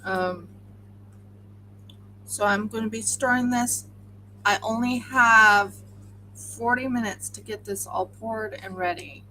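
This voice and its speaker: Slow-talking woman crafter on a livestream. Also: on the high side, sharp tone, a little hiss or hum, rough recording. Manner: chatty, talks through each step as she works. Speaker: crafter livestreaming a resin pour. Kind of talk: casual livestream chat while crafting.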